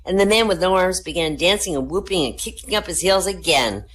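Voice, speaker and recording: A woman telling jokes at an online comedy night in a deadpan storytelling manner, raising her pitch for the punchlines. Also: brisk. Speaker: joke teller. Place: online voice chat room.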